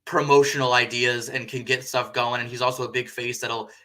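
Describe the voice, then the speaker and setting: A man's voice: medium pitch, flat delivery, brisk, bright, forceful tone. A man co-hosting a sports podcast, chiming in with laid-back, wry remarks. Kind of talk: casual sports chat.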